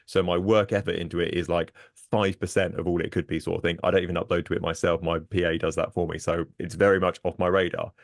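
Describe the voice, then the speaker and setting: A man's voice: low voice, little pitch movement, quick pace, gravelly, no echo, studio quality. A man hosting an interview, asking rambling, self-deprecating questions and laughing easily. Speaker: podcast host. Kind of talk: casual interview chat.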